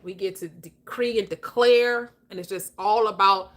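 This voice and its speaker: A woman's voice: mid-range voice, measured pace, hardly any pauses. A woman hosting a livestream, giving a casual motivational talk with emphatic, preachy delivery and frequent laughter. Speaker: livestream host.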